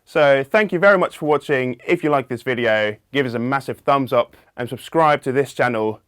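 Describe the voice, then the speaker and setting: A man's voice: medium pitch, normal speed, a bit bright, smooth, no room sound, studio quality. A man presenting a linguistics lesson in an explanatory video lecture, walking through the ideas methodically, step by step.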